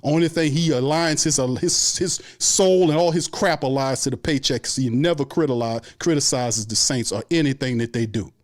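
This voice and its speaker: A man's voice: medium pitch, normal speed, few pauses. New guy ranting hard about his team, cussing, repeating himself, mad. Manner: angry, profane, repetitive ranting. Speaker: sports show host. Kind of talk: heated fan rant.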